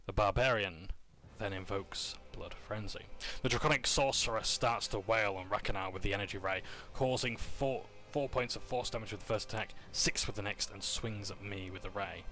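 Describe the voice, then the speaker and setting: Casual male game recapper, lower voice with a bright edge, faint music underneath. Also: normal speed, hardly any pauses. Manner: casual, with fillers, jokes and self-corrections. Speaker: player recapping a session.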